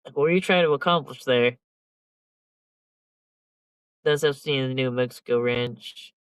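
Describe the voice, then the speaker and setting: A young man talking loosely on a podcast, rambling through slang, swearing and a lot of filler. His voice sits at an ordinary middle pitch. It is recorded close and dry, with almost no room sound. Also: unhurried, a bit bright, clear, resonant tone, dry recording, low-quality recording. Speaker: podcast host. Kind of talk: casual chat.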